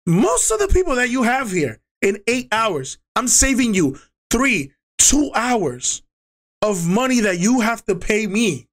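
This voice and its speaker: A young man tells a story in a loose, slangy rant, his voice sitting higher than most men's. He gets exasperated and swears freely, and he slips into different voices whenever he quotes someone. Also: very animated, measured pace, a bit bright. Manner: flips into other people's voices when quoting them. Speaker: YouTuber.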